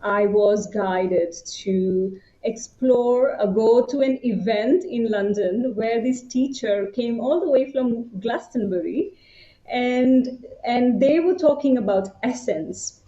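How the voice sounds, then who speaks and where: Interview guest: young woman from India, mellow, hesitant storyteller. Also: a little high, slow pace. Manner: reflective, with hesitations. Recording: roomy, slightly muffled.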